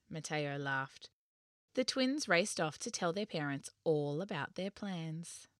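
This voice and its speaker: A woman narrating a children's story in an expressive, lively way. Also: low voice, no echo, clean studio sound.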